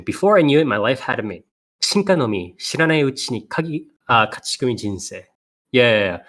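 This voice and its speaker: A man's voice: medium pitch, a bit bright. Casual male podcast host, mid voice, laughs a lot, reads blurbs loosely. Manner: laughs often, swears casually, stumbles over names. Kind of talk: casual podcast chat reading anime previews.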